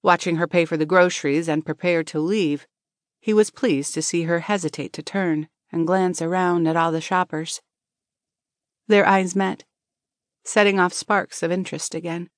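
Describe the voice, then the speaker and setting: Casting: a woman with a lowish voice for audiobook narration, dry close recording. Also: steady tone, normal speed, no echo.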